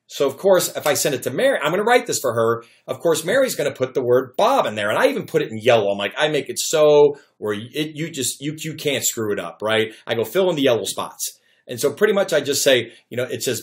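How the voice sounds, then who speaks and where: A man's voice: medium pitch, very animated, a little fast. A middle-aged man giving sales training tips straight to camera, talking energetically and acting out bits of customer dialogue.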